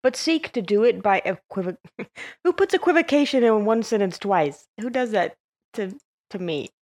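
A woman's voice: mid-range voice, lively intonation, moderate pace, a little mellow. Playful woman podcast host. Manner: playful, self-mocking. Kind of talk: scripted podcast outro and blooper chat.

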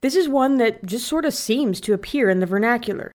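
A woman's voice: fairly high pitch, expressive, fairly quick, darkish tone. A woman hosting a podcast, explaining a phrase's origin in a light, teasing way. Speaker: podcast host. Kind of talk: scripted explainer narration.

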